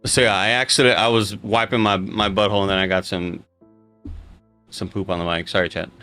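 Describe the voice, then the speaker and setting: A man's voice: lowish voice, fairly even intonation, brisk, bright, forceful tone, soft background music. A young man streaming live, chatting casually with his audience in a rambling, joking way and swearing freely.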